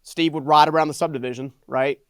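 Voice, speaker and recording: A middle-aged man, a guest on a podcast, telling a personal story in an animated way and often adding "right?" for emphasis. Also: on the high side, fast talker, clean tone, no echo, studio quality. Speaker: guest, entrepreneur and motivational speaker.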